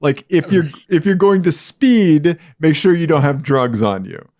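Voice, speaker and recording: A man with a high-pitched voice co-hosting a podcast in a casual, chatty way, with frequent yeahs and okays. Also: a little slow. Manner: animated, chatty, frequent back-channel yeahs. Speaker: podcast co-host. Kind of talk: casual chat.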